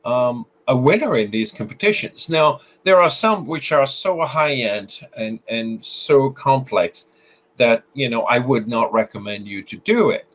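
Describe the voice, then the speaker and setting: Speaking with a French accent, this male guest photographer offers advice in an interview, his explanations full of filler sounds and restarts. His mid-range voice has lively intonation and a fairly bright tone, delivered at a measured pace. Slightly muffled lo-fi audio.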